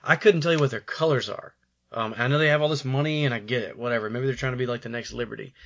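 A man's voice: medium pitch, fast, creaky, a bit bright. A man co-hosts a casual sports podcast. He rambles, restarting his sentences with repeated words. The recording sounds slightly dull. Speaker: podcast co-host.

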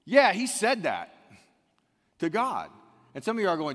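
A man's voice: high voice, huge pitch swings, moderate pace. Man preaching in an echoing hall. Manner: conversational preaching with sudden loud emphatic rises. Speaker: pastor. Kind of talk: sermon. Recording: long reverb of a large hall.

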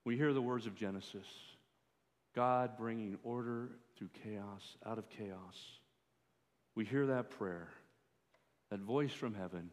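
A man preaching a sermon as pastor, in a measured way that rises for pleas. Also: lowish voice. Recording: long hall reverb.

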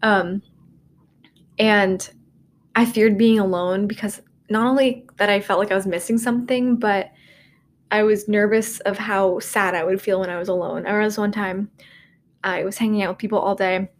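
A woman's voice: mid-range voice, fairly even intonation, normal speed, slight background noise. A woman in her twenties hosting a casual solo podcast from her dorm room, rambling and self-deprecating, with lots of "like" and "um". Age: 20s. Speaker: podcast host.

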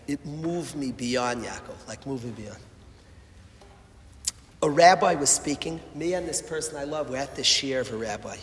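A man preaches with impassioned repetition, swinging between loud appeals and hushed words. His voice sits a little high. The sound rings out in a large echoey hall with faint ambience. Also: a little hiss or hum. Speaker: rabbi or Torah speaker. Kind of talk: emotional sermon.

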